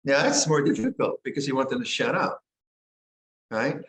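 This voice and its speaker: An older man, a meditation teacher, giving a guided meditation and dharma talk in a gentle, unhurried way, often pausing and restarting his sentences. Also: medium pitch, very animated. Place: monastery meditation hall. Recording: echoey hall.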